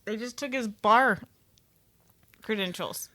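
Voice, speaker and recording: A woman's voice: on the high side, takes it slowly, pushed and bright. A woman co-hosting a casual political podcast, dry and joking in her remarks. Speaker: podcast co-host.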